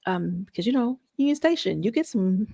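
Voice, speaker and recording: A middle-aged woman from the Chicago area, hosting and telling a personal story in a conversational way, jumping from loud exclamations to hushed asides. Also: mid-range voice, expressive, normal speed, gravelly, no echo, clean studio sound. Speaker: host.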